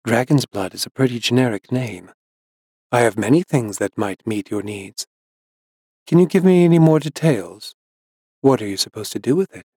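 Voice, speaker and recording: Storybook shopkeeper: a cool, cryptic older herbalist woman, read by a man, even and unruffled, dry close sound. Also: medium pitch, husky, no room sound. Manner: calm, even, unhurried.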